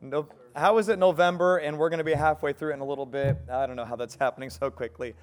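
A pastor with a Californian accent, making relaxed, halting church announcements and introducing a guest preacher. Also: male voice, on the high side. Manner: easygoing, halting, many fillers. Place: church sanctuary.

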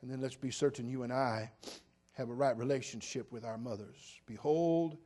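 A pastor in his sixties delivers a sermon in an ordinary mid-range male voice. He swings between loud, emphatic bursts and soft, low asides. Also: little pitch movement, a little fast, husky. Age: 60s. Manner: preaching with sudden loud bursts and quiet drops.

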